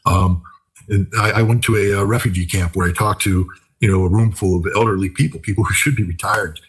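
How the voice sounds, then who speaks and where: Speaking a little fast in a deep, husky voice with fairly even intonation, an older commentator tells stories in a casual interview. His storytelling is vivid, emphatic and repetitive, and the audio quality is poor.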